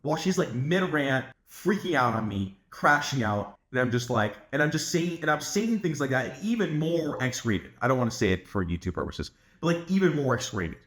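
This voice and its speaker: A man's voice: mid-range voice, very animated, normal speed, hardly any pauses, a bit bright, echoey room. A young man giving dating advice in a brash, boastful monologue, swearing often and filling his talk with "like". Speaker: dating coach. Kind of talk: casual monologue to camera.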